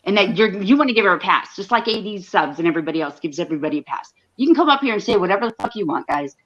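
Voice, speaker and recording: A woman hosts a heated livestream, her voice pitched in the middle range. She fires off angry, profane bursts full of restarts. The stream audio sounds dull and lo-fi. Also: expressive, racing, fairly bright tone. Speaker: livestream host.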